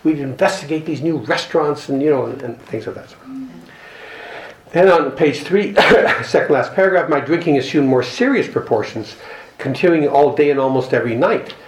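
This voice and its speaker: A Canadian man with a slightly high, lively voice speaks at normal speed at a recovery group meeting. He reads passages from a book and tells stories, earnest and reflective with wry humor. The recording is rough and reverberant.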